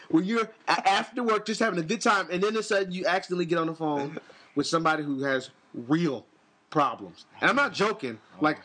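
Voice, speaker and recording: Bright-voiced man riffing crudely. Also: fairly high pitch, breathy edge. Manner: crude, rambling, riffs into mocking put-on voices. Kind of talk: casual comedic banter.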